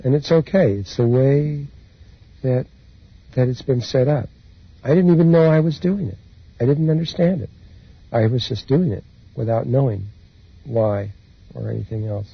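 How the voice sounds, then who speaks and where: Husky guy, spiritual teacher rambling slowly thru his stories, muffled lo-fi audio. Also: medium pitch, dry recording. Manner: unhurried, meandering, with soft laughs. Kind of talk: reflective personal storytelling talk. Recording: dull lo-fi recording.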